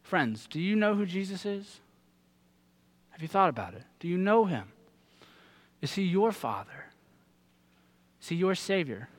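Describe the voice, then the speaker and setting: A man's voice: high voice, big pitch swings, measured pace, long pauses. A man in his thirties preaching a sermon, earnest and putting direct questions to his listeners. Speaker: pastor.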